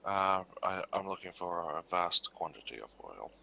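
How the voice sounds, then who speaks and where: A man taking his turn in a tabletop game, talking in a blunt, matter-of-fact way. His voice is very deep, yet it has a hard, sharp, forceful edge. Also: sing-song, moderate pace, gravelly, no echo, low-quality recording. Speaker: player. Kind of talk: casual tabletop play.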